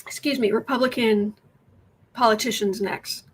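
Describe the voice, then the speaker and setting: A tarot reader and livestream host from the United States speaks at a moderate pace in a fairly high, steady voice with a slightly rough edge. On a casual stream captured by a webcam mic, she chats and thinks aloud while answering viewers' questions.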